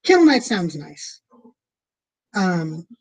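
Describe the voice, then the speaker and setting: A woman's voice: lowish voice, very animated, takes it slowly, darkish tone, breathy edge, rough recording. A woman streaming from her home, chatting casually and rambling with lots of fillers as she plans a tabletop game. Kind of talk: casual chat to viewers.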